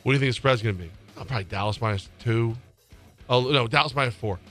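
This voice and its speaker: A man's voice: mid-range voice, fast, fairly bright tone, soft background music. A man co-hosting sports talk radio, joking and sarcastic in banter on a studio microphone. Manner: joking, sarcastic, laughs along.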